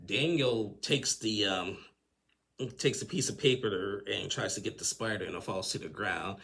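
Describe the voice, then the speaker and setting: A man's voice: on the low side, moderate pace, vocal fry, a bit bright, husky. A man giving a chatty, casual recap of a reality TV episode, laughing often between lines. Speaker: TV recap host.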